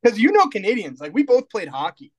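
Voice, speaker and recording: A man's voice: sits high, wildly swooping pitch, a little fast, dull audio. A young man co-hosting a casual motorsport podcast, easygoing and joking. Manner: easygoing, joking, laughs at own lines. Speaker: podcast co-host. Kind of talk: casual chat.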